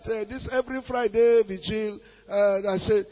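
A Nigerian man preaching a sermon as a pastor, emphatic, with sudden loud bursts. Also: high-pitched, fairly even intonation, normal speed, hardly any pauses, in a large hall, dull audio.

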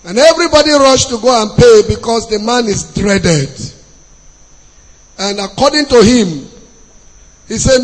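A Nigerian man preaching a sermon in a very high, husky voice. He tells a story and pushes up to shouts for emphasis. His voice rings out with a long hall reverb behind it. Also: expressive, unhurried, long pauses. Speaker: pastor.

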